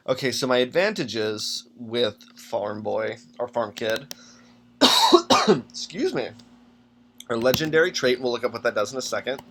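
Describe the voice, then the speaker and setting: A man's voice: mid-range voice, a little slow, slight background noise. Man musing aloud over game rules. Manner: thinking aloud, many ums and restarts. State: has the hiccups. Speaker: podcast host making a character. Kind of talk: casual solo walkthrough.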